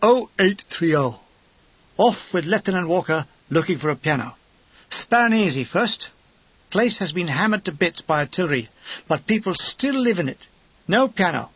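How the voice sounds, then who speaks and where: A man's voice: sits high, big pitch swings, normal speed, slightly rough, no echo. A man narrating a war memoir audiobook in a wry, comic storytelling manner. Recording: dull lo-fi dry recording.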